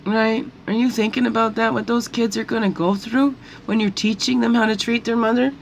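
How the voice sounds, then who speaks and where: A woman's voice: fairly high pitch, fairly even intonation, fairly quick, poor audio. Woman, emotional rambling talk, tearful, repeats herself, faint hiss behind. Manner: rambling, repeats words, voice rises when upset. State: crying at times. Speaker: spiritual guidance vlogger. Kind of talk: emotional personal monologue.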